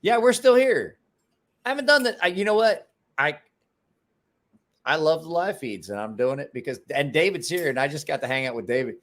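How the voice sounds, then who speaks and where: A man's voice: fairly high pitch, a little fast. A man hosting a live stream, telling stories and swearing freely in casual chat. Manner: animated storyteller, swears freely. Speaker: livestream host.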